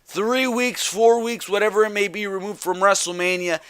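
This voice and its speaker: Male reviewer, exasperated rant, clear resonant tone, higher register. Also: steady tone, normal speed, fairly bright tone, no room sound. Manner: exasperated, repetitive rhetorical questions. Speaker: wrestling show reviewer. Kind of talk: ranting solo review.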